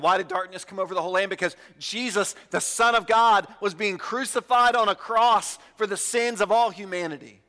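A man preaching a sermon as pastor, earnest, slowing down to stress key words. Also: sits high, bright, forceful tone, long reverb tail. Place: church sanctuary.

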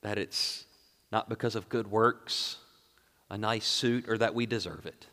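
A male pastor preaching a sermon, moving between hushed, quiet lines and raised, emphatic passages. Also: fairly low pitch, steady tone, measured pace, long reverb tail.

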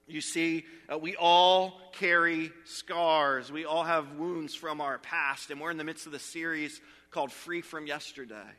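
Male pastor, 30s, casual storytelling sermon, crisp bright tone in an echoing sanctuary. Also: fairly high pitch, steady tone, unhurried. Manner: storytelling, conversational.

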